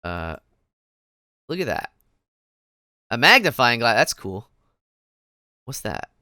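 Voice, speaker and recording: A man's voice: medium pitch, big pitch swings, slow pace, pushed and bright, no echo, clean studio sound. A man streaming a courtroom video game, in playful, goofy casual commentary as he reacts to his chat.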